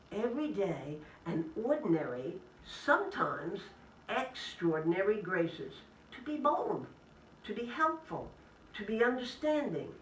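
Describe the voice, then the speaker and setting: Gentle religious sister speaking from afar. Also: female voice, medium pitch, slight background noise. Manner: gentle, measured delivery in short list-like phrases. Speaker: Catholic sister giving a spiritual talk. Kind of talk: inspirational talk to a live audience. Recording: echoey room, speaker distant from the mic.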